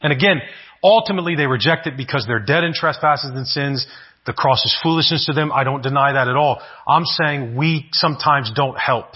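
A pastor preaching a sermon in an earnest way, often repeating words and asking "right?". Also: male voice, medium pitch, slightly rough, dull audio.

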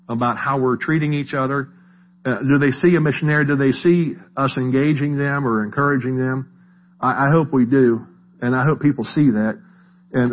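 A middle-aged man, giving an informal church sermon in a folksy, halting way with many restarts and asides. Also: mid-range voice. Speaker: lay preacher. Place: church sanctuary. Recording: muffled, lo-fi church recording.

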